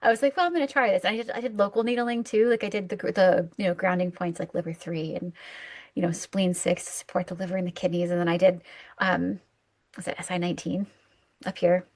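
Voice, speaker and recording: A woman acupuncturist chatting casually about patient cases, an animated storyteller who pokes fun at herself. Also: fairly low pitch. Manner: animated storyteller, self-mocking, quick asides. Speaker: acupuncturist, co-host. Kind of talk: casual clinical chat.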